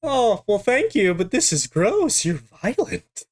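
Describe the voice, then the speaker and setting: A man voicing a flustered, squeamish church lady who exclaims in a shrill voice. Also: big pitch swings, slow pace, exaggerated voice. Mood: shocked.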